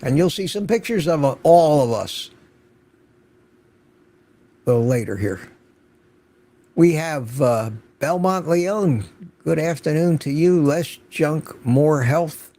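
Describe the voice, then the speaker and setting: A man's voice: fairly high pitch, animated, slow, pauses often, warm tone. An older man hosting an unscripted livestream, chatting casually and greeting viewers by name from the chat. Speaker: livestream host.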